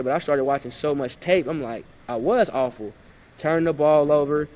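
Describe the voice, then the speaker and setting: A former point guard in his thirties, talking casually on a podcast. His voice sits on the high side for a man. He tells stories with energy and slips into the voices of the people he quotes. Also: normal speed. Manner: animated, acts out past conversations. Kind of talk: casual storytelling interview.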